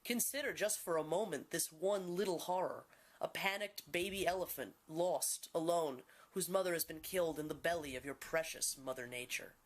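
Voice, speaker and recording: Woman narrating a film, grave and solemn, kinda low-pitched. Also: normal speed. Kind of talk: dramatic scripted narration.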